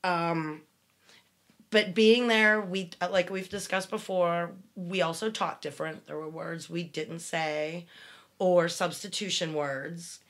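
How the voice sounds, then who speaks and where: Blunt, low-voiced middle-aged woman. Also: steady tone, takes it slowly. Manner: blunt, candid and wry. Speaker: podcast co-host. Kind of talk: casual conversation.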